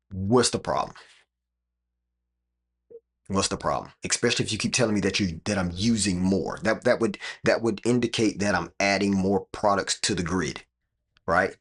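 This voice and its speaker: A man's voice: low-pitched, normal speed, fairly bright tone, husky. A man streaming live from a room with his computers, talking straight to viewers in an emphatic, repetitive way. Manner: emphatic, repeats phrases, talks straight to chat.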